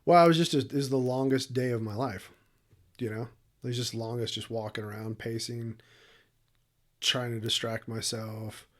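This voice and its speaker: A male podcast co-host with a mid-range voice and fairly even intonation shares a story at a moderate pace. His storytelling in this casual chat is candid, emotional and profane, with frequent laughs.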